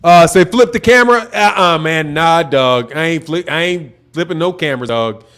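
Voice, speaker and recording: A Chicago man with a Chicago accent hosts a casual livestream, chatting with viewers, reading out chat messages, and commenting on a boxing fight in loose, laid-back slang. His voice is fairly high and a bit bright, with a clean tone and a moderate pace.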